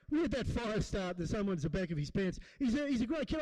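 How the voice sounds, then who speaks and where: A middle-aged Australian man doing stand-up, rambling and blokey as he chats to the crowd. His voice sits high for a man and sounds close and dry, with no room around it. He talks in loose asides and rough, matey jokes. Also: sing-song, fast talker, hardly any pauses, darkish tone, dry recording, rough recording. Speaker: stand-up comedian. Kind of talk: stand-up comedy set. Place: comedy gig in a hall.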